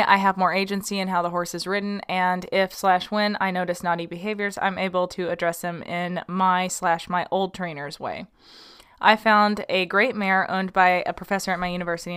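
A woman's voice: fairly low pitch, fairly quick, a bit bright, clear, resonant tone. A young woman hosting a casual podcast, reading out a listener's question and chatting about it with many ums and likes. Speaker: podcast host.

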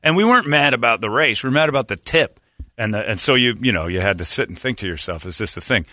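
This fast-talking American radio host in his forties has a medium-pitched voice, captured in clean studio sound with no echo. Chatting casually on his talk show, he tells lively stories and mimics accents and other voices.

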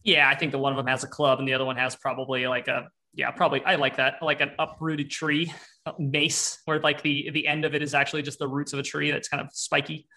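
Young man, bright tone, slightly high voice, rambling game master. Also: little pitch movement, fast talker. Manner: rambling, descriptive, many fillers. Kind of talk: narrating a tabletop game.

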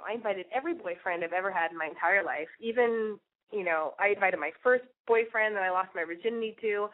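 A young woman hosting a call-in podcast, rambling in a brash, profane way, sniffly and nasal from a cold. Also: mid-range voice. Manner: crude, rambling, lots of "like" and swearing. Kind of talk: brash confessional monologue. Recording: tinny phone-like audio.

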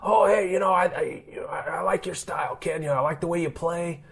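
A man's voice: on the high side, quick pace, gravelly, slightly rough, voice pushed up. A man voicing a folksy old male baseball scout, friendly and hesitant as he speaks.

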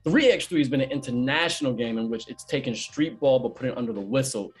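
A man who hosts events and does comedy, telling stories in a casual chat, animated and full of slang. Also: medium pitch, faint music behind. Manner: animated storyteller, fast slangy talk.

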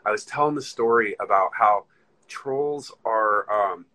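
A man's voice: fairly low pitch, measured pace, sharp tone, low-quality recording. An American man hosting a casual chat, telling a rambling story and acting out the voices of the people in it. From United States.

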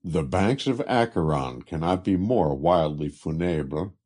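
A man narrating a literary travel story in a measured way. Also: sits low, animated, a little mellow.

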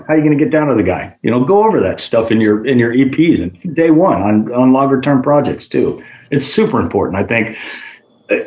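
A man, a guest, telling work stories in a casual, animated way, acting out the voices of the people in them. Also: medium pitch, roomy sound, rough recording. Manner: animated, acts out quoted voices. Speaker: guest, general manager. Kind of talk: casual storytelling.

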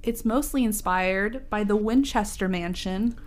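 A woman's voice: medium pitch, unhurried. A woman hosting a casual chat, telling stories animatedly with lots of fillers. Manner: animated storyteller, many fillers.

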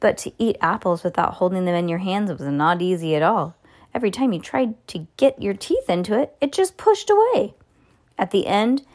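A woman's voice: lowish voice, a little mellow. Woman reading a children's story aloud.

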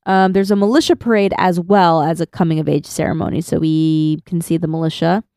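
A woman's voice: fairly low pitch, steady tone, fairly quick, darkish tone, clean tone, no echo, clean studio sound. A woman co-hosting a podcast, chatting casually and laughing as she reads out her notes. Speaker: podcast co-host. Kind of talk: casual chat recapping an anime.

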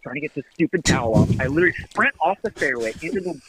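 A man casually telling a long, animated golf story on a podcast, often laughing and acting out what people said. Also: on the high side, very fast, heavy background noise. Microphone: phoned in.

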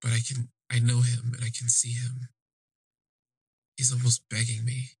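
Male podcast host recounting a personal story; raspy and level, halting and emotional. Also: medium pitch, completely flat delivery, a little mellow, no echo.

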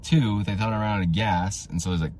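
A man hosting his own podcast, telling rambling, tangent-filled stories in a casual way, with audible vocal fry. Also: fairly low pitch, steady tone, fairly quick, a little mellow, slight background noise. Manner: rambling, tangent-prone storytelling. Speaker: podcast host.

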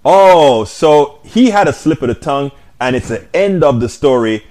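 A man's voice: fairly high pitch, lively intonation, normal speed, darkish tone. A man hosting a live stream, reading viewer comments aloud and answering them in an argumentative way, with rhetorical questions and frequent restarts.

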